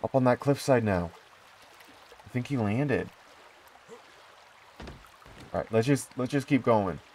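A man talking through his gameplay in a casual, chatty way, his pitch swinging up and down as he goes. He gets excitable quickly. A faint hiss of noise sits under the recording. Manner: excitable, bursts into high squeals of delight. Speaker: gaming YouTuber.

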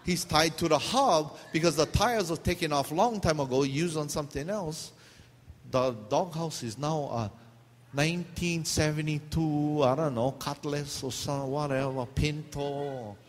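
A middle-aged man from Hawaii with a Pidgin-tinged accent, telling funny stories in a sermon as a pastor. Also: on the high side. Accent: Hawaiian Pidgin-tinged English. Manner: animated, humorous, laughs mid-story. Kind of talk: storytelling sermon. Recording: long hall reverb, faint background noise.

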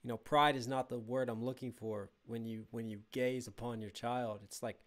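A man's voice: mid-range voice, steady tone, normal speed. A man, a rapper, talking casually and reflectively as he reacts to a stage musical, openly moved by what he hears. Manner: warm, reflective, easily moved. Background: faint show music.

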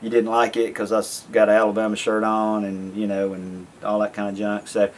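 A man's voice: on the low side, completely flat delivery, brisk, slight background noise. A man talking casually to camera in a rambling, folksy way, repeating himself as he goes. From American South. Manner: rambling, folksy, self-interrupting. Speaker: YouTube vlogger.

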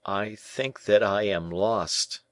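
A man's voice: lowish voice, fairly even intonation, takes it slowly, no room sound. A man voicing a young male prisoner who speaks in pleading, despairing tones in an audiobook.

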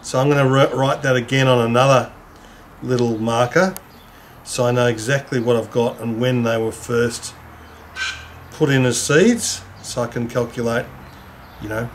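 A man gives a casual, gentle how-to demonstration at a potting bench. He chats to the camera person as he works. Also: mid-range voice, fairly even intonation, moderate pace, a little hiss or hum. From Australia. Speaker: home gardener demonstrating seedling transplanting. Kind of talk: casual how-to demonstration with some scripted narration.

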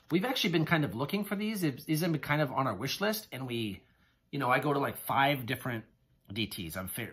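A man's voice: fairly high pitch, fairly bright tone. Gushing, effusive man vlogger. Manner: effusive, gushing thanks with halting restarts. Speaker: haul vlogger. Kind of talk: casual haul video chat.

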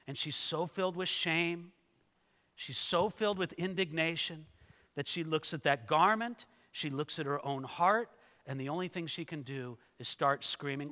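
A male pastor preaching a sermon in a lively way, speaking directly to his listeners. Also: on the high side, normal speed, long reverb tail. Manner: animated, talks straight to listeners. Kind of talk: expository sermon.

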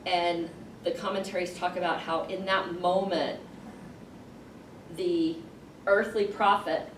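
Woman teaching a Bible class from across a roomy space. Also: on the low side. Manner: conversational, explaining with pauses and fillers. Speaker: Sunday school teacher. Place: classroom with a group. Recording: roomy, distant mic, faint noise.

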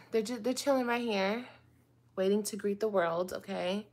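A woman's voice: mid-range voice, expressive, slow pace, a little mellow. A woman talking to her viewers in a casual monologue, dramatic and drawn out, addressing them again and again. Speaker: online video host.

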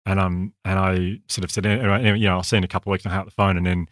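Australian male podcast co-host, earnest and fast, dry close mic. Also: low voice, little pitch movement, dry recording. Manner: earnest, talks quickly with restarts. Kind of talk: candid conversational storytelling.

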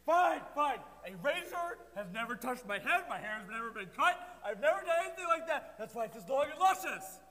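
A man's voice: extremely high pitch, sing-song, fairly quick, hardly any pauses, sharp tone, pitched above the performer's own voice, full character voice. A man voicing a boastful adult strongman hero in a kids' Bible lesson, with a showy, proud delivery. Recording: echoey hall, heard from a distance.

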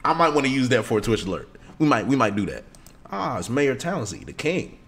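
A male streamer chatting loosely with his viewers, excitable and full of slang. His pitch swings around a lot as he talks. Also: a little fast, vocal fry. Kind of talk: casual live-stream chat.

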